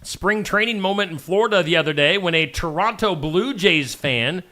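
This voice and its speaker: Male morning show co-host, somewhat high, animated voice, jokey headline chatter. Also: moderate pace. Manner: jokey, lively, reads headlines. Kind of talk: casual news chat.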